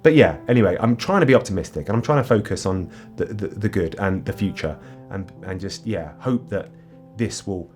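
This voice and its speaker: A man's voice: deep voice, expressive, a little fast, darkish tone, soft background music. A father chatting casually, playfully encouraging his child and musing about staying hopeful. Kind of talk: casual family chat.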